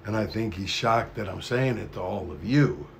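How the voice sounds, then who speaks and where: Gravelly-voiced man ranting on a stream. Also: fairly low pitch, normal speed, slight background noise. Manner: profane, conspiratorial, rambling. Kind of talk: rambling live-stream monologue.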